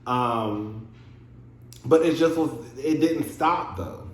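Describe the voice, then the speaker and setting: A young adult man casually recapping a reality TV episode, animated and laughing, acting out scenes in exaggerated voices. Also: mid-range voice, slow. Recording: echoey room.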